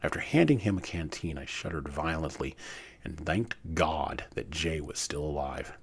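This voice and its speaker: A man reading a war memoir aloud in a measured way with dramatic pauses, then commenting on it. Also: rumbling low, animated, gravelly, a little hiss or hum. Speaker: reader and commentator.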